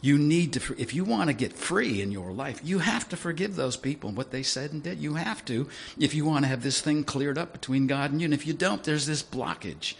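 A man preaching a sermon in a lively, conversational way, often asking his listeners questions. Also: a little high, fairly quick, vocal fry, hardly any pauses, breathy edge. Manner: animated, conversational, asks the audience questions.

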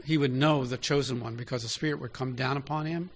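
A man's voice: mid-range voice, fairly even intonation, quick pace. A man preaching a sermon in an easy, conversational way, often asking his listeners direct questions.

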